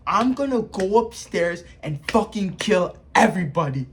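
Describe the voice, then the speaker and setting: A man's voice: sits high, lively intonation, normal speed. A man voicing a furious, despairing young man in profane outbursts.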